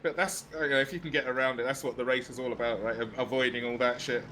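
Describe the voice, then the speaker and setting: A man's voice: mid-range voice, fairly even intonation, fast talker, bright, forceful tone, slight background noise. A man chatting casually with sim racing teammates, easygoing and agreeable, chuckling along. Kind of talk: casual chat in team voice chat.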